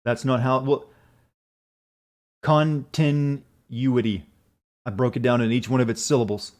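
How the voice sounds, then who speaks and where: A man's voice: mid-range voice, steady tone, fast talker, a little mellow. A man streaming a video game, chatting casually, answering chat messages in a rambling, profane way.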